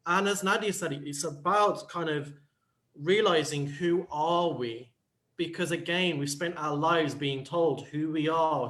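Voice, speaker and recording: High-pitched male coach, reflective and playful on a talk panel. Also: fairly bright tone. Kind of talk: panel talk show chat.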